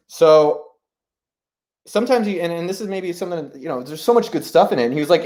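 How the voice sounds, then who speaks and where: Excitable, foul-mouthed man, fairly high voice. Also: fast talker. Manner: excited, swears freely, rambling restarts. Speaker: host. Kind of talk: casual live-stream talk.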